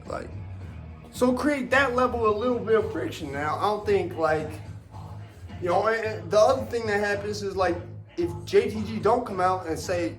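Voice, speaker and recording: A man's voice: high-pitched, moderate pace, faint music behind. A man, a former wrestler ranting casually on a podcast, profane and rambling with lots of fillers.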